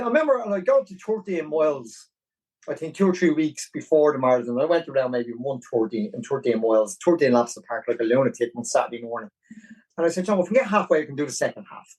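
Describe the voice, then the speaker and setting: A man in his forties with a Dublin Irish accent spins an animated, self-deprecating tale in a fairly high voice. He sits a little back from the microphone. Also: recorded from a distance, low-quality recording. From Ireland. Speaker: podcast guest, marathon runner. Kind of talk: casual storytelling interview.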